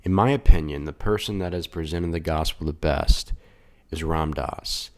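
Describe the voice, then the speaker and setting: A man's voice: very deep voice, fairly even intonation, unhurried. A man speaking as a spiritual coach in a reflective monologue, earnest and thoughtful, often restarting his phrases, at a desk microphone indoors.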